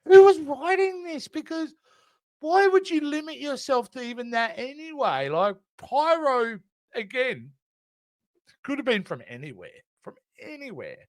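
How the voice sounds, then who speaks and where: A man with an Australian accent co-hosting a casual podcast, animated and exasperated, rambling as he rants. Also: extremely high pitch, unhurried, no room sound. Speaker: podcast co-host.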